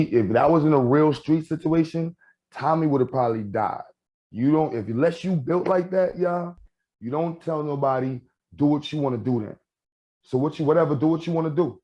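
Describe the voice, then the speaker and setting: A man's voice: fairly high pitch, moderate pace. A man telling stories in a casual podcast chat, acting out what people said. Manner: storytelling, animated, acts out quotes.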